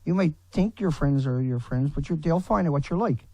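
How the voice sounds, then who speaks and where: Angry man, ranting, swearing, bursts of shouting, high-pitched, dry close sound. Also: animated, a little fast, dry recording, low-quality recording. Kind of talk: angry rant to camera.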